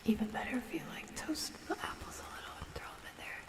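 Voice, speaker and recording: A woman streamer hosting a cozy ASMR chat, talking to viewers softly and often in a whisper, unhurried. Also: rumbling low, huge pitch swings, roomy sound, big-room sound, distant mic.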